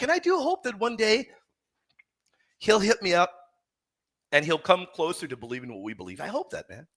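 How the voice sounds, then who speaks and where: A man hosting a heated livestream debate, teasing his opponent and repeating words in quick bursts. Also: medium pitch, very animated, a bit bright. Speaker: debate host.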